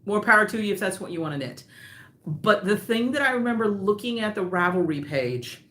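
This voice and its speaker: A woman's voice: mid-range voice, expressive, a little fast, fairly bright tone, roomy sound. A woman who designs knitting patterns, hosting a live stream in casual chat that wanders off on tangents, laughing often.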